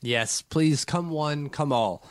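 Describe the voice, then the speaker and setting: A man's voice: a little high, takes it slowly, dry recording. A man co-hosting a podcast in casual chat, rambling and joking at his own expense. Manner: self-deprecating, joking, rambling. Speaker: podcast co-host.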